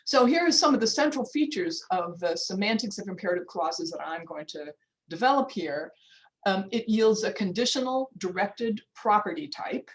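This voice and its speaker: In a low-quality recording, an older American woman professor gives a linguistics workshop lecture via video call. Her medium-pitched voice has lively intonation at a normal speed, and her casual, chatty delivery includes frequent restarts, asides, and checking the time aloud.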